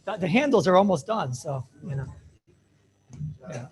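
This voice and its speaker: A man teaching a lively Torah class as a rabbi, playful and theatrical, mixing in Yiddish and Hebrew terms. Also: high-pitched, normal speed, reverberant.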